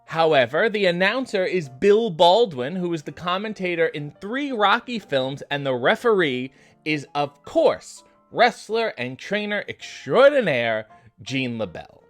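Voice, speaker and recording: A man hosting a comedic recap, talking in a deadpan, profane, jokey way. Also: high-pitched, unhurried, soft background music. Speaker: comedy wrestling recap host.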